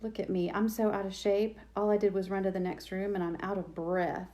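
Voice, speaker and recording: A woman's voice: mid-range voice, fairly even intonation, moderate pace, pauses often. Woman, DIY host, chatty and self-deprecating, mid-range voice, talks to her viewers while crafting. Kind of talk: live-streamed craft demo, chatting with viewers.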